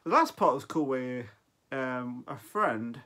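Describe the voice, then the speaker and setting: Reviewing a film off the cuff, this man in his forties rambles and frequently loses track mid-sentence. His medium-pitched voice is pushed and bright, with lively intonation and a slow pace.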